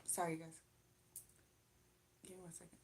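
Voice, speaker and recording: A woman's voice: fairly low pitch, level tone, normal speed, a little mellow, a little hiss or hum. A young woman hosting a casual livestream at home, chatting in a rambling way straight to her viewers and sounding tired. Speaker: livestream host. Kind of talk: casual chat. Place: indoors at home.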